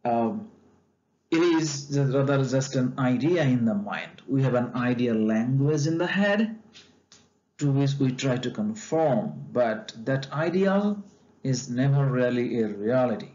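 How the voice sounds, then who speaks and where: A man walks through a textbook chapter at an unhurried, careful pace, stopping often for fillers and restarts. His voice sits in a middle register. The recording is somewhat dull and lo-fi. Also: mid-range voice, lively intonation, a little mellow. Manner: slow and deliberate, frequent fillers and restarts. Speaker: lecturer.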